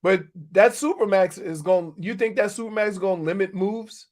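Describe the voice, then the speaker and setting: A man with a high voice argues sports on the radio. He needles his co-host and keeps pressing his point in loose banter. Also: moderate pace, a little mellow. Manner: needling, argumentative. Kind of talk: casual sports talk banter.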